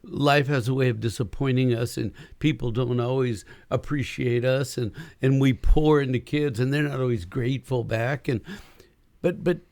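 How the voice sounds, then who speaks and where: A man's voice: mid-range voice, normal speed, no room sound. A man co-hosting a marriage podcast, coaching listeners in casual chat and acting out quoted lines with energy. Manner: animated, acts out quoted lines.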